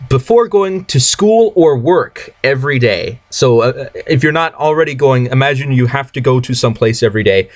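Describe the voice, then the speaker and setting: A young man co-hosting a casual podcast over a video call, speaking hesitantly and stammering. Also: mid-range voice. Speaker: podcast co-host.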